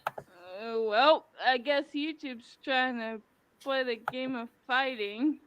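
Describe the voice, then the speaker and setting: A woman speaking in a hesitant, halting way during a casual livestream chat. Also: high voice, fairly bright tone, muffled recording, slight background noise.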